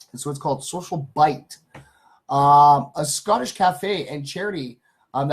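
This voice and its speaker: Live-stream host, male, slightly higher voice, reads good-news stories in a loose, chatty way with lots of ums. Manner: chatty, greets chat viewers, many ums and uhs.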